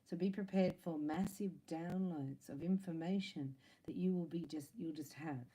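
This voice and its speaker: A woman's voice: fairly low pitch, normal speed, mellow, breathy edge, poor audio. A woman giving a casual spiritual reading to her viewers, chatty and playful, laughing between lines. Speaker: psychic tarot reader.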